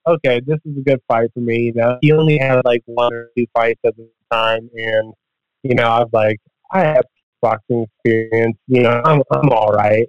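The podcast guest, an MMA fighter, has a medium-pitched voice with no room sound. He tells his story in a loose, rambling, profane way, acting out what people said, and the audio is dull and dry.

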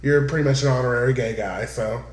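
A man's voice: mid-range voice, quick pace. Teasing, sassy male host, roomy sound. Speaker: podcast host. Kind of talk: casual podcast chat. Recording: roomy sound with faint noise.

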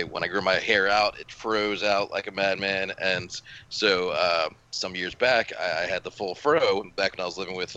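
A young man on a podcast, telling stories in a lively, animated way and stumbling over his words now and then. His voice sits fairly low but has a bright, forceful edge. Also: highs cut off, slight background noise. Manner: animated storyteller, stammering restarts. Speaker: podcast co-host. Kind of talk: casual storytelling chat.

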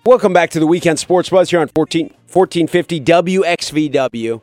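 A man's voice: a little high, normal speed, a little mellow, no room sound, soft background music. Upbeat male sports radio host. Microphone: studio microphone.

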